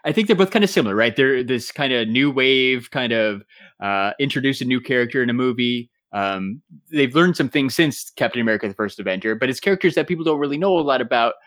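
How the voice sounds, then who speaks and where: A man co-hosting a casual podcast chat, upbeat and prodding the others in quick banter. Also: mid-range voice, lively intonation, fairly bright tone, no echo, studio quality. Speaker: podcast co-host.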